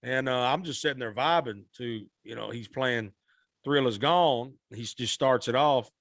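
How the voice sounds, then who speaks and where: A man's voice: medium pitch, moderate pace, no room sound, studio quality. A man, a singer guest on a podcast, telling a story animatedly and acting out the people in it. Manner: animated, acts out quoted voices.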